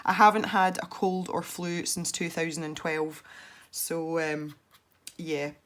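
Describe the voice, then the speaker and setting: A young woman with a congested, stuffy voice, chatting softly as she narrates her colouring. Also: sits low, fairly even intonation, slow. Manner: soft-spoken, chatty and self-deprecating. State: congested from a head cold. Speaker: colouring video host. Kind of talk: relaxed colouring commentary.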